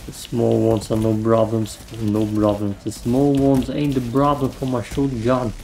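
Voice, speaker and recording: A man with a German accent gives laid-back gameplay commentary full of rambling jokes and asides. His voice sits low and dark with heavy vocal fry, and he speaks in an unhurried drawl into a desk mic. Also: flat delivery, slight background noise, poor audio. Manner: rambling, joking asides while playing. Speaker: gamer.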